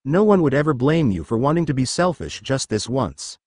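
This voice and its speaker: A man voicing a calm, kind old sage in a storybook reading, with a gentle, solemn manner. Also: mid-range voice, a little fast, no echo, studio quality.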